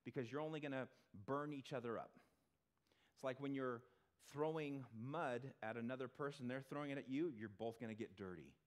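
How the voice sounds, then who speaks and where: A male pastor giving a conversational sermon to a congregation in a church, talking in an animated way. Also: medium pitch. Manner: animated, acts out quick character voices.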